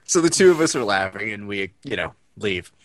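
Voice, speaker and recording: Lively low-voiced male podcast storyteller. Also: a little fast, no echo. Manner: animated storyteller, acts out quoted lines. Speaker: podcast co-host. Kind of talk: casual storytelling chat.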